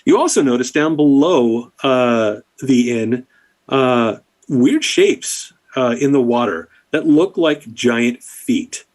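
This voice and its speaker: Brief: male game master with a mid-pitched voice, relaxed and rambling. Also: slow pace. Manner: relaxed, filler-heavy description. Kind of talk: narrating a tabletop game.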